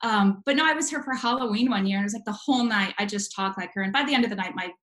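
A woman's voice: mid-range voice, very fast, fairly bright tone, echoey room. A woman chatting playfully as a guest. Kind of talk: casual interview chat.

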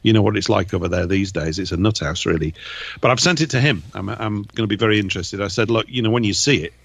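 English guy on a talk radio show, gravelly and kinda husky, jokey chatty. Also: on the low side, fast, dry recording. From England. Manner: chatty, jokey, drifts into mimicking regional accents. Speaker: co-host. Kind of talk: casual radio chat.

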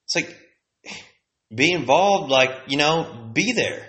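A man's voice: on the high side, animated, slow, a bit bright. A man hosting a solo podcast, venting bluntly in a casual, profanity-heavy rant that circles back on itself. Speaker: podcast host.

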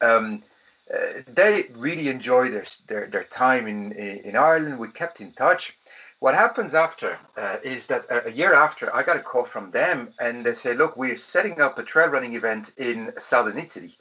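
A man from France, a podcast guest telling lively stories about his work. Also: medium pitch, muffled recording. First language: French. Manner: animated, lively anecdotes with quoted exchanges. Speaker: podcast guest, head of regional tourism. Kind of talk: conversational storytelling.

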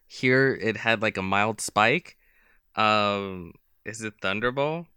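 A man co-hosting a casual film podcast, animated and cursing freely as he chats. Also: fairly low pitch, takes it slowly, clean tone, no echo, studio quality. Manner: animated, swears freely, laughs often. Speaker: podcast co-host.

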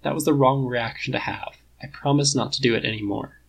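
A man voicing a cocky but apologetic archer whose pitch jumps up when he gets excited. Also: a little fast, gravelly, husky, rough recording. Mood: sheepish. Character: sheepish cocky male archer, apologetic and goofy.

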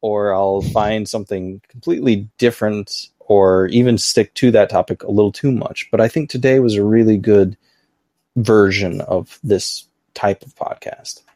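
A man with a lowish, mellow voice hosts a casual livestream podcast. He rambles easily and fills his talk with "um" and "like." The recording is close and dry. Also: normal speed, no room sound. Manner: rambling, filler-heavy, easygoing. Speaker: podcast host.

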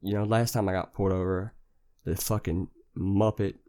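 Young male podcast host with a lowish voice, rambling and profane, heavy on slang. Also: steady tone, normal speed, warm tone. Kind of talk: casual storytelling.

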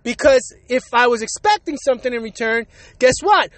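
Very high-voiced man ranting, fresh from a cold. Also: expressive, normal speed, a bit bright, no room sound. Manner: profane, heated, repetitive. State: recovering from a cold, coughing. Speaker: podcast host. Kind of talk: solo rant.

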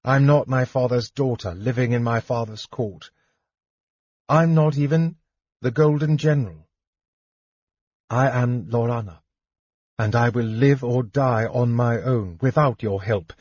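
A man's voice: medium pitch, a little slow, pauses often, darkish tone, slightly rough, no room sound, lo-fi sound. A man voicing a fierce, defiant young warrior woman.

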